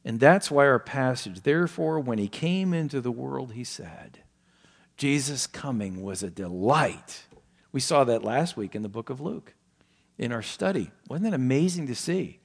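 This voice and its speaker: A man preaching a sermon, telling a story with emphatic rises and soft, low passages. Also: lively intonation, moderate pace, creaky. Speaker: pastor.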